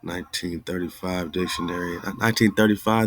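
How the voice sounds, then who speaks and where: Deep-voiced man hosting casual live talk. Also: fairly even intonation, moderate pace, fairly bright tone, no echo. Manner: loose, exasperated, talks straight to listeners. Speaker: online radio show host.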